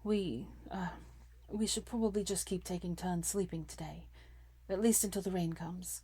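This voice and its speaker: A woman doing a sarcastic, sharp young witch. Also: high-pitched, very animated, moderate pace, no echo, voice pushed up. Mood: soft, remorseful. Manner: sarcastic, snapping, turns to shouting. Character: sharp-tongued clever young woman, sarcastic and quick-tempered. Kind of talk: fan fiction reading.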